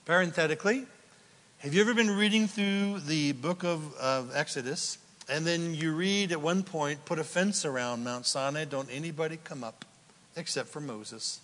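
Animated preacher with a bright, high voice. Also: male voice, normal speed. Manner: animated preaching, fires questions at the congregation. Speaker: pastor. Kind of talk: sermon. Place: church sanctuary before a congregation. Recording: long reverb of a large hall.

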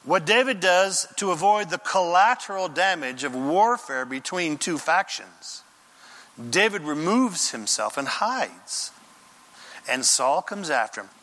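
A male pastor preaching a lively, conversational sermon and asking his listeners questions. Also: a little high.

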